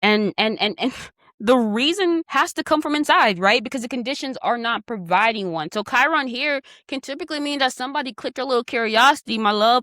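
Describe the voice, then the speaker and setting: A woman's voice: fairly high pitch, moderate pace, fairly bright tone, no room sound, clean studio sound. A young woman, hosting a casual astrology talk in a chatty, teasing manner with affectionate asides. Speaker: astrology host.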